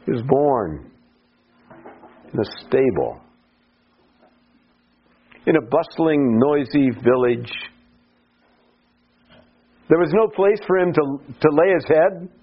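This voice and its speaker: Slow, expressive preacher on dull radio audio. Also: male voice, a little high, slightly rough. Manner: slow, deliberate preaching, rising to pleading cries on quoted psalms. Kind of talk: sermon.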